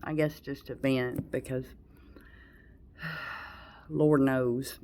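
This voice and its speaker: Low, gravelly woman in her forties venting. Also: fairly even intonation, extremely slow, a little mellow, a little hiss or hum. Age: 40s. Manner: frank, profane, rambling with sighs. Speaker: vlogger. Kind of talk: venting monologue to camera.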